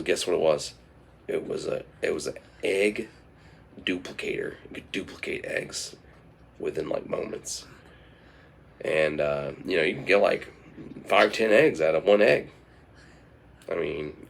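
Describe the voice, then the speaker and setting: A gravelly, rambling male storyteller. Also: low-pitched, unhurried, long pauses, slight background noise. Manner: meandering, full of fillers and restarts. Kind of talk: rambling improvised comic storytelling.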